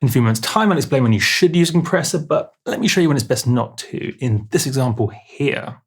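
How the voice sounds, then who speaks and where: A man's voice: medium pitch, expressive, fast talker, husky. A man explaining music production in a casual video tutorial, chatty, with jokey asides and restarts.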